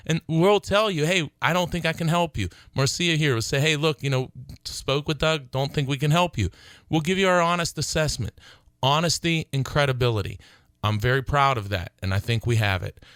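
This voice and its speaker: A middle-aged man hosting his own radio talk show, speaking earnestly and growing excited as he urges listeners to call. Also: on the high side, smooth, dry recording. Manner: earnest, excitable, laughs between phrases. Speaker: attorney and radio show host.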